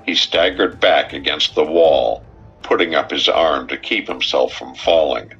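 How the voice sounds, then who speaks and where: Deep, slow male story narrator. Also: fairly bright tone. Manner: measured, unhurried reading. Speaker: audiobook narrator. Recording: dull, muffled recording with faint music.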